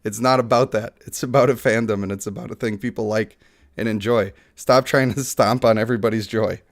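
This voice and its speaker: Brisk and steady in tone, a fairly low-pitched man hosts a mobile gaming channel. Casual banter, frequent laughter, self-mocking humor, and touches of dramatic reading fill his talk.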